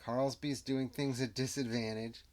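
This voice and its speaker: Playing a tabletop game solo, a man narrates casually and muses aloud, occasionally slipping into whispered, muttered asides. His mid-range voice is steady and darkish, delivered at a normal pace.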